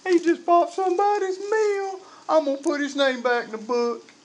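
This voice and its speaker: A preacher putting on a folksy, exasperated God. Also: male voice, very high-pitched, steady tone, moderate pace, voice pushed up. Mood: pleased. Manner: chatty, scolding, then forgiving.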